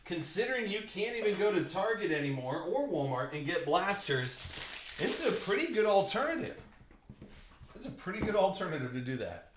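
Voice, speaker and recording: A man's voice: high voice, big pitch swings, fairly quick, roomy sound, noisy background. A young man hosting a live card break, joking and riffing with viewers by name as he opens packs.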